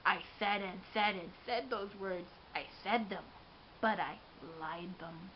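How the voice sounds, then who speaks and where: A woman giving an expressive, dramatic read-aloud of a children's storybook. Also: mid-range voice, slow. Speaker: storybook reader. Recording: dull lo-fi with faint hiss.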